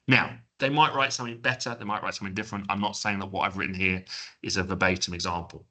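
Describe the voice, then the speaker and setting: A man giving a webinar presentation, explaining in an informal, chatty way with joking asides and quick self-corrections. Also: sits low, fairly even intonation, bright, forceful tone.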